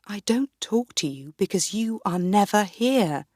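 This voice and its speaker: A woman's voice: medium pitch, lively intonation, a little slow, darkish tone, no room sound, clean studio sound. A woman playing a defiant young queen.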